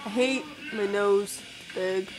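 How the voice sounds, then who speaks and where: A woman's voice: medium pitch, takes it slowly, poor audio. A woman vlogging casually from home while sick and congested, talking in a blunt, profane, rambling way.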